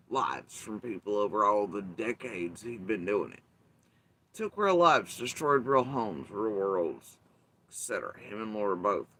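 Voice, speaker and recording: A man's voice: medium pitch, fairly bright tone. A man hosting his channel, delivering bitter, profane, emphatic commentary in an angry rant. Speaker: channel host.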